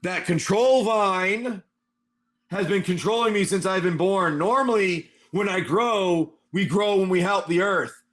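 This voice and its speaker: A man's voice: sits high, a little slow, a bit bright. A man voicing a timid, feminine-sounding plant creature that speaks in an apologetic, pleading way. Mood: grateful.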